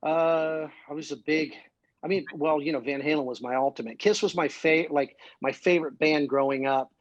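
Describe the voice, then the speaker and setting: A male musician guest from Ohio, telling excitable, rambling stories full of fillers in a casual interview. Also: a little high, normal speed, no room sound, lo-fi sound. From Columbus, Ohio.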